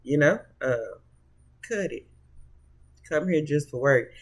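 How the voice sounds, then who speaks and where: This tarot reader is a man with a high voice and lively intonation, taking a slow pace as he reads casually to camera. Sassy and preachy, he calls his viewers honey and baby, with frequent easy laughter between his points.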